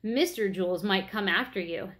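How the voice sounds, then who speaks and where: A woman's voice: mid-range voice, moderate pace, fairly bright tone, natural voice. A woman reading aloud and voicing a teasing, bossy schoolgirl with a taunting tone.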